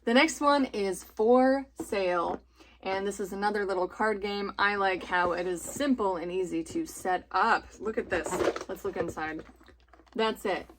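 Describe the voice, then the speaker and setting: A woman's voice: mid-range voice, unhurried, background noise. A woman in her thirties, a homeschooling mom, chatting enthusiastically about family board games and laughing often. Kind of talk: casual chatty review.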